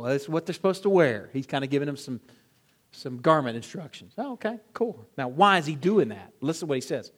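A man preaching a sermon to a congregation, firing off rhetorical questions and swinging between loud emphatic peaks and low, quiet drops. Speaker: pastor.

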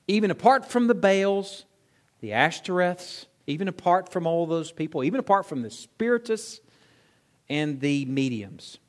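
Male pastor, slightly high voice, sermon delivery with big dynamic swings and rhetorical questions. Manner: preaching with wide swings in loudness and pitch, rhetorical questions.

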